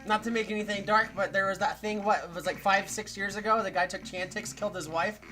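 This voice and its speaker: A man's voice: high voice, fairly even intonation, fast talker, background noise. A young man co-hosting a podcast, chatting loosely and crudely about a party game and laughing often. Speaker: podcast co-host. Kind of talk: casual comedic chat while playing a party game.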